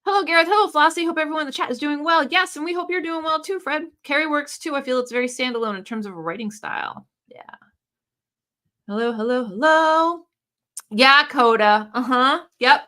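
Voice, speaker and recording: A woman from the United States hosting a casual livestream, chatting and reading viewer comments aloud in an animated way. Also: normal speed. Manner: chatty and animated, pitch leaping up and down. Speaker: livestream host.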